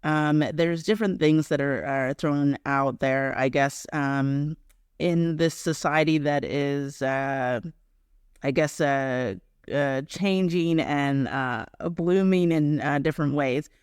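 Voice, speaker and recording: A man hosts an interview with a smooth, fairly high voice and a dry, close sound. He asks questions haltingly and searches for words. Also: no room sound. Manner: halting, many fillers and restarts. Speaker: host.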